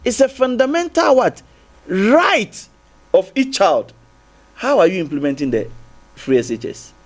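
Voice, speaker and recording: A little slow yet very animated, a high-pitched man with a Ghanaian English accent argues on a TV panel in a heated debate. He repeatedly restarts, circles back, and asks rhetorical questions.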